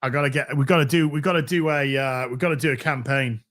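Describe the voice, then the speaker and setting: A man's voice: medium pitch, steady tone, fast, fairly bright tone. A man with a Yorkshire accent, co-hosting a casual podcast, rambling, sweary and joking. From Yorkshire, England. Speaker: co-host.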